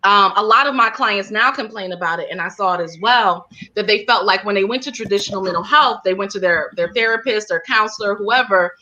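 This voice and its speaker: A woman's voice: medium pitch, a little fast, few pauses, pushed and bright. A woman guest on an interview, telling her story casually and packing her speech with fillers like "like" and "you know.". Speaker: guest, holistic healer and counselor. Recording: dull lo-fi sound.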